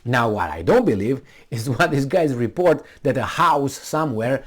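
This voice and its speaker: A man talks straight into the mic in a casual commentary, sarcastic and rambling, full of fillers and restarts. His pitch sits in the middle range for a man. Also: animated, moderate pace.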